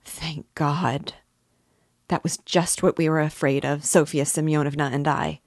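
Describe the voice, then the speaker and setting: A woman's voice: sits low, steady tone, unhurried, dry recording, clean studio sound. A woman reading the lines of an anxious, loving young sister in a novel, pleading and anguished. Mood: relieved.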